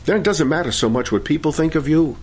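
A man leading worship and preaching a sermon, fervent in praise and gentle when he teaches. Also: on the high side, lively intonation, fast talker, slight background noise. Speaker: pastor.

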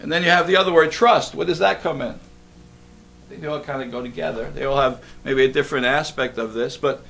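Gravelly man preaching a sermon. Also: medium pitch, a little fast, a bit bright. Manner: conversational, asks the congregation questions.

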